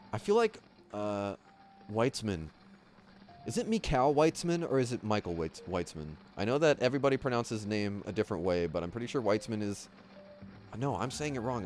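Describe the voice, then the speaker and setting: Watching skate clips, a livestream host with a fairly low voice chats casually. He rambles with plenty of fillers and breaks into excited outbursts.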